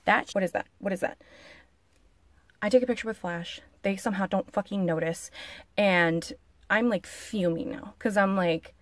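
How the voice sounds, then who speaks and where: A woman's voice: medium pitch, moderate pace, dry recording. A woman vlogger telling a story-time tale in a casual, profane, dramatic way, full of "like" fillers. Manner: profane, chatty, dramatic retelling; frequent filler "like".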